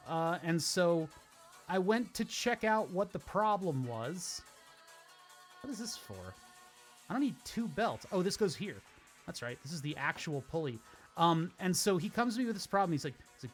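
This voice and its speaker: A man's voice: a little high, big pitch swings, normal speed. A man streaming a car-repair game, chatting casually and telling a long story while he works, often restarting his sentences. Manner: rambling, self-interrupting storyteller. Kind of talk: casual gameplay commentary. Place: home streaming setup. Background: game music playing faintly.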